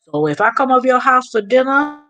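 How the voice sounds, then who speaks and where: An American woman hosting a live stream, chatting and telling stories with animated asides. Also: high voice, brisk. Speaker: vlog host. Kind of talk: live stream casual chat.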